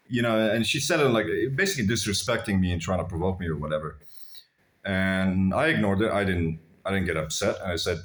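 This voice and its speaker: A low-sitting, brisk, fairly bright male voice carries a vlogger's casual storytelling to camera. Rambling and blunt, he shares crude personal stories and calls his audience "guys."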